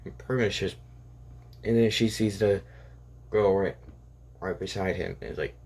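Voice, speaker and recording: A young man casually narrating an improvised fan story, rambling and halting with many fillers and restarts. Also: deep voice, darkish tone.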